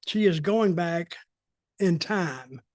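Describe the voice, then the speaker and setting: High-voiced American man, folksy and rambling. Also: lively intonation, takes it slowly, a little mellow, dry recording, clean studio sound. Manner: folksy, rambling, repeats words. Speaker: podcast co-host. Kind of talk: casual storytelling chat.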